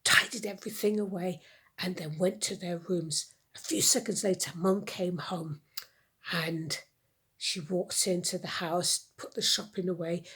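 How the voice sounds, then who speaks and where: Female children's storyteller, slow, hushed and very breathy. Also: on the low side, fairly even intonation. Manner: hushed, often whispering. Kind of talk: reading a story to kids.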